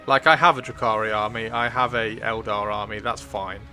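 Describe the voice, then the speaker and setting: Bright-voiced chatty man. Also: on the low side, steady tone, moderate pace, soft background music. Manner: chatty, laughing, enthusiastic, repeats words. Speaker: livestream host. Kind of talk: casual livestream chat.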